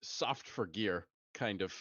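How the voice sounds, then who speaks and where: A man's voice: lowish voice, slow pace, a bit bright, breathy edge, dry recording. A man playing a tabletop game, casually describing what his character does in the third person over a dull home microphone. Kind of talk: casual role-play narration.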